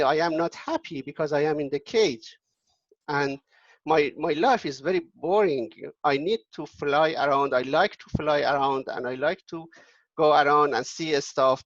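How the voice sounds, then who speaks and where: A man's voice: fairly high pitch, dry recording, lo-fi sound, close to an everyday voice. A man voicing a wistful caged parrot. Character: caged male pet parrot, polite and longing to fly.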